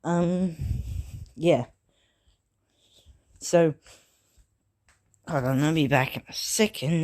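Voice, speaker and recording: A woman's voice: sits low, extremely slow, long pauses, a little mellow. A woman improvising a fan story aloud, rambling with many fillers and self-corrections.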